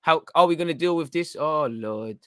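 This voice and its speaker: Young man, fan watchalong host, excitable live match commentary, fairly high voice. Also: normal speed, smooth, dry recording, clean studio sound. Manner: excitable, urgent, coaching the players.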